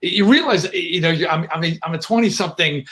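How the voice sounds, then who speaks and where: A middle-aged man chatting as a guest on a video call, telling lively stories with frequent restarts. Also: a little high, fast talker. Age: middle-aged or older. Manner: animated storyteller, frequent restarts. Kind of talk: casual chat.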